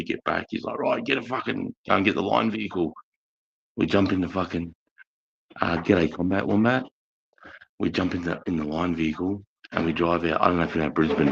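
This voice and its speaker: A middle-aged Australian man telling rowdy army stories in a coarse, profane, animated way on a casual live stream. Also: rumbling low, gravelly. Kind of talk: casual storytelling chat. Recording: dull lo-fi stream audio.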